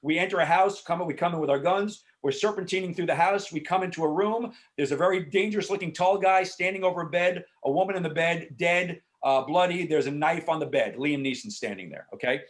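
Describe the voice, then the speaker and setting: A man, an actor, answering questions in a casual Q&A over a video call, frank and animated, swearing freely and filling talk with asides. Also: a little high, a little fast, hardly any pauses. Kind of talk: casual Q&A storytelling.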